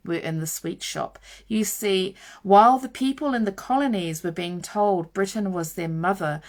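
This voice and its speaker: A woman host reading a nonfiction book aloud in a measured, emphatic way, stressing each item in her lists. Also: mid-range voice, creaky.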